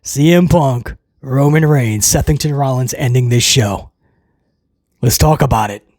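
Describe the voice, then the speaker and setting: A man recapping a wrestling show in a casual, excitable way, rambling with restarts and chuckles. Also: medium pitch, unhurried, no room sound, clean studio sound.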